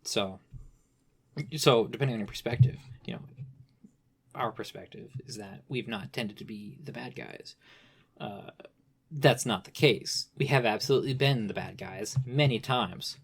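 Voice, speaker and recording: A man's voice: fairly low pitch, a little slow, gravelly, husky. A young man talking casually on a podcast, rambling with many restarts and "you know" fillers. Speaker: podcast guest expert.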